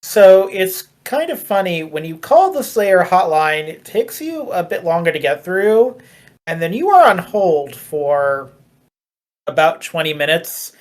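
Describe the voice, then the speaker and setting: Relaxed GM, narrating with jokey tangents. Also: mid-range voice, measured pace. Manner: rambling, joking asides. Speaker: game master. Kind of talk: narrating a tabletop game.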